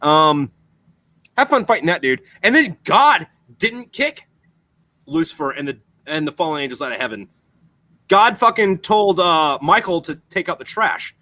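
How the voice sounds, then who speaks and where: A man chatting on a podcast who tells long, meandering stories packed with swearing. His voice is bright and sits a little high. The sound is dry and close to the mic. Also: sing-song, moderate pace, no room sound. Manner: profane, rambling storyteller. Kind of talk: casual podcast chat.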